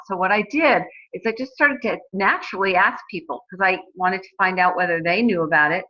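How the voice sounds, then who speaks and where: A woman's voice: lowish voice, fairly quick, few pauses. A woman in her forties, telling her own story in a chatty way, with many fillers and restarts. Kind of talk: casual personal testimonial. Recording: dull lo-fi recording.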